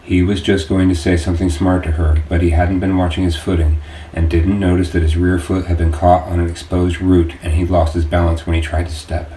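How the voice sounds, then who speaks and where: A man reading his own audiobook in a slow, measured way. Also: low voice, flat delivery, dark tone. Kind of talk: audiobook narration. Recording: echoey room, distant mic, faint noise.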